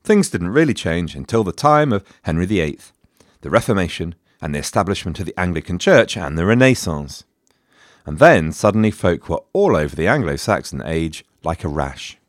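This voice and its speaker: A low-pitched man narrates history with wry, playful asides. His voice swings widely in pitch. The recording is dry and close, with no room sound. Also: big pitch swings, moderate pace, no echo. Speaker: history podcast host.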